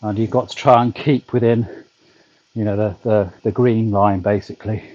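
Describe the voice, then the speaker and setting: A man's voice: on the low side, fairly even intonation, normal speed, a little mellow, no echo, dull audio. A British man chatting casually to his stream while cycling at home on an indoor trainer, rambling with lots of ums and dry humour. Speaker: vlogger cycling on a turbo trainer. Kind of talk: casual chat to a livestream. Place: home, back garden.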